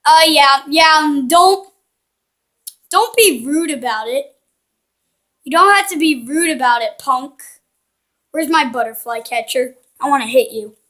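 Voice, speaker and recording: Teasing the characters as she plays, this gaming channel host offers playful, cheeky let's-play commentary. Her high, slightly bright voice moves a little slowly, with long pauses.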